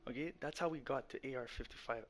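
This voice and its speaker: A man's voice: mid-range voice, fast talker, faint music behind. A man hosting a gaming channel, ranting in a heated, profane way, calling the viewer bro and often correcting himself mid-sentence. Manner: rambling with frequent self-corrections.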